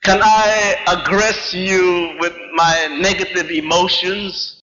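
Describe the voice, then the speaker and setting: A man delivers a spiritual lecture in a high, bright, ringing voice, piling up rhetorical questions and checking in with his listeners. It is an old, dull-sounding 1990s recording with long reverb from the lecture hall. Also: fairly even intonation, slow. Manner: emphatic, rhetorical questions, frequent "you see". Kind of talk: public lecture to a live audience.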